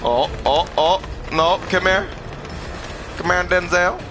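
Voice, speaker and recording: This gaming channel host, a man, narrates his play in an excitable live style, ribbing rival players and breaking into laughter often. He speaks slowly in a high voice against a noisy background.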